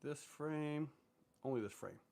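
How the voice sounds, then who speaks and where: A man with a gravelly, mellow voice on the high side, speaking a little slowly, hosts a casual live stream. He reads viewer comments aloud and answers their questions loosely and ramblingly, with plenty of fillers.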